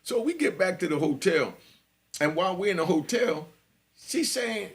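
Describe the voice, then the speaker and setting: Gravelly New man telling street stories. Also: high voice, expressive, moderate pace. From New York. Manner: laid-back, full of "you know", chuckles. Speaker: podcast host. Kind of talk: street storytelling monologue.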